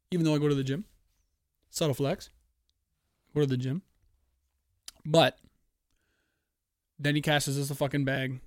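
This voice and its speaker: A man hosting a podcast, giving a casual, profane, excitable race recap with sudden loud outbursts. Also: fairly high pitch, clear, resonant tone, no echo, studio quality. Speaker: podcast host.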